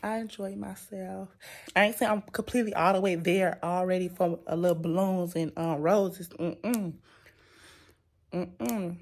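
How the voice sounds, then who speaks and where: Gravelly-voiced young woman vlogging casually. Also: fairly low pitch, fairly even intonation, a little slow. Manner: chatty, keeps addressing viewers as y'all. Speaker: vlogger and mother. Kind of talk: casual vlog chat.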